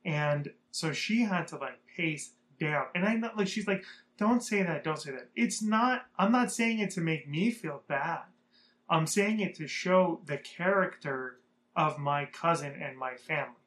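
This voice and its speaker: Young man, casual vlog storytelling, slightly high voice, rambling, swears a lot, from Southern California. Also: a little slow. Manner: profane, rambling, animated. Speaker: vlogger.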